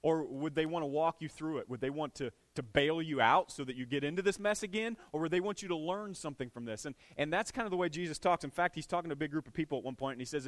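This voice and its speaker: Man, pastor, sermon, earnest, conversational, somewhat high voice. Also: quick pace, few pauses. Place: church.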